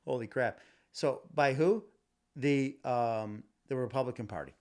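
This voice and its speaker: A man's voice: medium pitch, a little slow, a little mellow. A man hosting his own podcast, ranting solo with passion, repeating himself and stumbling over restarts and fillers. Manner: impassioned, repetitive, many fillers and restarts. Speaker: podcast host. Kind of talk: casual solo podcast rant. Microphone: home podcast mic.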